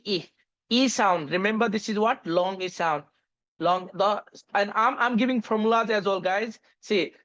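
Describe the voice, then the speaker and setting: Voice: medium pitch, a bit bright, lo-fi sound. A teacher giving an online English pronunciation lesson, spelling out words letter by letter with many fillers and restarts. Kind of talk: online lecture.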